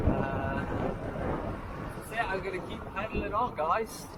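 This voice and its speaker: A man vlogging casually as he rides a bicycle along a country highway, rambling and chuckling as he talks to viewers over wind and road noise. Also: expressive, a little slow, pauses often. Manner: rambling, chatty asides to viewers, chuckles often. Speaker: touring cyclist vlogger. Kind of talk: casual vlog narration while cycling.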